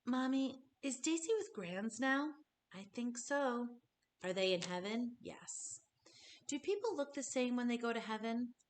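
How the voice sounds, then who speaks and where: A woman voicing a young boy with a facial difference, asking high, earnest, pleading questions. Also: animated, unhurried. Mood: curious.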